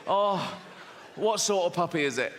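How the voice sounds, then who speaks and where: A man's voice: high voice, animated, measured pace, very noisy. Profane man doing stand-up. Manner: profane, laughs at own jokes. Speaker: stand-up comedian. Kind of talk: live stand-up comedy. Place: large live venue with audience. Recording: loud audience in echoing venue.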